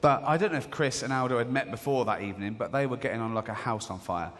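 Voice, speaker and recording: Comedian on a theatre stage. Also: male voice, mid-range voice, fast, fairly bright tone. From England. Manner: conversational storytelling, acts out characters. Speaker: stand-up comedian. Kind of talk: stand-up routine. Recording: live theatre reverb, faint crowd ambience.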